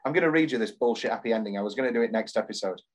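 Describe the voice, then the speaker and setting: A man's voice: lowish voice, very fast. A British man co-hosting a theatre podcast, talking passionately in casual chat, swearing and reading script lines aloud in mock voices. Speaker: podcast co-host.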